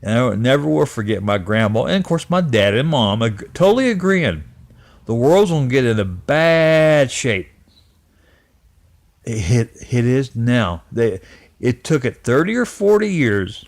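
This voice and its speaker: A man in his fifties recalling a family memory in a personal vlog, speaking earnestly and haltingly, often repeating and restarting his words. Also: medium pitch, big pitch swings. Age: 50s. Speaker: channel host. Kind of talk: personal reminiscence to camera.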